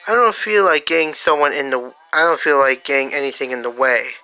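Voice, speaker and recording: A fan storyteller improvising a story out loud, halting with many fillers and restarts. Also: medium pitch, clean tone, soft background music, low-quality recording. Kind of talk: improvised fan-fiction narration.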